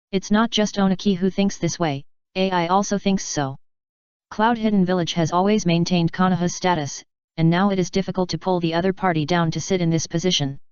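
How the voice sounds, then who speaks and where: The audiobook narrator is a woman reading a novel from a script at a steady pace, her voice a little low and very smooth and clean. It's recorded close and dry, sounding somewhat dull and muffled.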